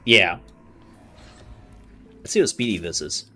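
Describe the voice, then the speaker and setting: A man's voice: low-pitched, slow, slight background noise. Laid-back man streaming a game. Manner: relaxed, chatty, thanks viewers. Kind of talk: casual gameplay commentary.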